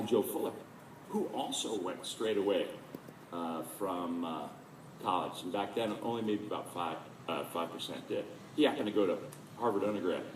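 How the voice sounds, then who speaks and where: A man in his late fifties giving a storytelling speech at a dedication, lively and self-deprecating, acting out the people he quotes. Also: lowish voice, a little hiss or hum. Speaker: speaker at a dedication. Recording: roomy, distant mic, faint ambience.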